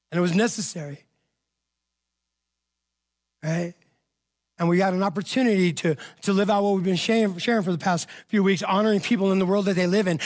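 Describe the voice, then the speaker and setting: A male pastor preaching a sermon in a church, telling a story in a conversational way and calling for amens. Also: high-pitched.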